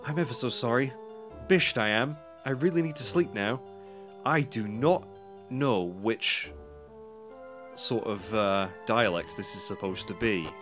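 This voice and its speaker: A man's voice: medium pitch, measured pace, a bit bright. British man, let's play commentary, reads out game dialogue, chatty and self-mocking, game music behind. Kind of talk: casual gameplay commentary reading dialogue aloud.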